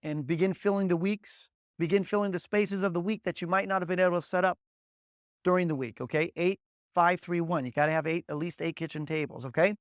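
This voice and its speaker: High-voiced man giving punchy sales coaching. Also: brisk, dry recording. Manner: energetic storyteller, drills points with repeated "guess what" and "okay?"; blunt, punchy coaching delivery. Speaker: agency leader training new agents. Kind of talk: motivational sales training talk.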